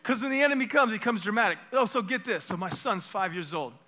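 A man preaching a sermon as a guest speaker, swinging from loud declarations to hushed whispers. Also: high voice, animated, quick pace.

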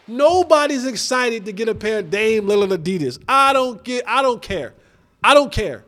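A man in his thirties with a high voice hosts a casual sports talk show. He talks in an animated, joking way and repeats himself often. He slides into playful rants. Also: moderate pace. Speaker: podcast host.

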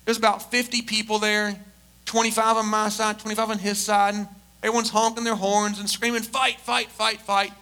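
Middle-aged man, pastor, very high voice, forceful and emphatic, jokey story asides. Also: monotone, brisk, clean tone. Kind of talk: sermon. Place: church service.

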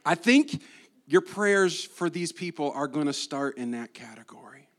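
A man preaching a sermon as a guest preacher, swinging between hushed asides and loud emphasis, with playful humor. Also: a little high, lively intonation, a little slow.

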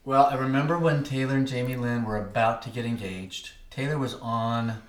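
A middle-aged man co-hosts a podcast, telling rambling stories in casual chat and laughing often. His medium-pitched voice stays steady at a moderate pace, with a roomy sound.

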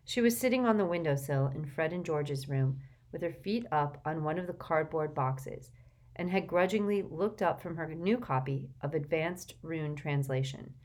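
A woman with a fairly low voice reads an audiobook aloud. Her narration is steady and expressive, scripted and clear. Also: normal speed. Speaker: audiobook reader.

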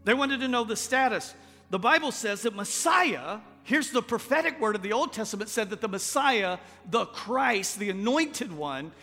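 In a church sanctuary with long reverb and faint music underneath, a Texas pastor delivers a folksy sermon full of jokes. His voice is high, bright, and forceful, and he speaks conversationally.

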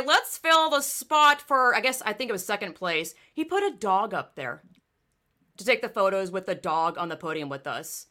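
A young woman chatting casually on a podcast, telling animated stories that burst into loud, profane rants. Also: lowish voice. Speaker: former amateur cyclist.

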